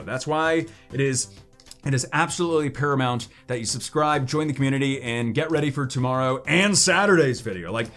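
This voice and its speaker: Lively, playful male card-opening host. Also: fairly high pitch. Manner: playful, jokey, swings his voice up and down. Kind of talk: casual unboxing commentary.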